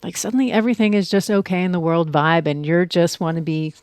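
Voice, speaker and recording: A woman in casual chat, telling a story with animated quoting, dropping to soft whispers and rising to excited outbursts. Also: fairly low pitch, fast talker, clean tone, no room sound, clean studio sound. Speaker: podcast guest sharing a retreat experience.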